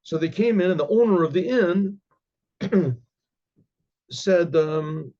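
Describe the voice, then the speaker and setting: A man, a rabbi, telling a religious story in a halting way with many restarts and frequent throat-clearing. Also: high voice, dark tone, lo-fi sound. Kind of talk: oral storytelling.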